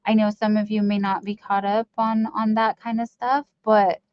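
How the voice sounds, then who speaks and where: A woman's voice: medium pitch, little pitch movement, normal speed, clear, resonant tone, dry recording. A woman hosting a casual live stream, rambling as she reads viewers' chat aloud and teases herself. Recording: dull lo-fi stream audio.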